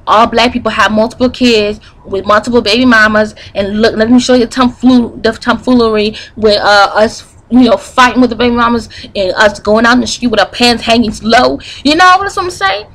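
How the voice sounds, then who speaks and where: A young woman ranting in a commentary vlog, angry and profane, with many asides and quotes read out slowly. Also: a little high, fairly bright tone, poor audio. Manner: reads quotes aloud slowly. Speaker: vlogger commenting on news.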